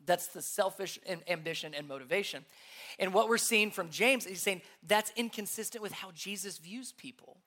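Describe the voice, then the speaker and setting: Pastor, sermon teaching, bright forceful tone, earnest, repeats key points. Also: mid-range voice, moderate pace. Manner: asks the audience rhetorical questions.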